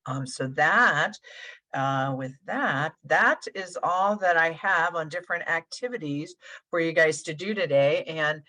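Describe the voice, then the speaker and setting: A woman therapist speaks over a video call in a slightly low voice. Her webinar talk is loose and conversational, full of ums and you-knows, as she walks her listeners step by step through hands-on activities. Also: unhurried, pushed and bright, low-quality recording. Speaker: play therapist. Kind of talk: webinar presentation.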